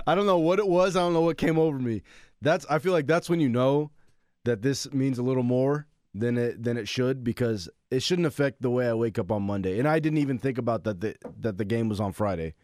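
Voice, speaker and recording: Animated man telling a sports story. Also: medium pitch, brisk, no room sound, clean studio sound. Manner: animated storytelling, acts out his own quotes. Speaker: podcast co-host, former college football player. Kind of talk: casual sports chat.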